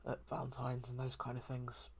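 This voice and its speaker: A host talking through a heartfelt solo chat in a soft, hesitant and reflective way, with many pauses and ums. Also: medium pitch, monotone, a little hiss or hum. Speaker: daily channel host.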